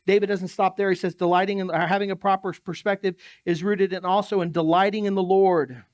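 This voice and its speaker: A man's voice: high voice, fairly even intonation, brisk, no room sound. A man preaching a sermon in a church, talking in a conversational way and turning to the congregation with asides. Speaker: pastor.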